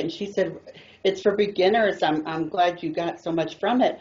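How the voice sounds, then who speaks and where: A woman's voice: mid-range voice, normal speed, darkish tone. A woman guest talking about tarot, earnest and a little rambling as she tells her stories. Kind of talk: casual chat about tarot. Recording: dull lo-fi audio.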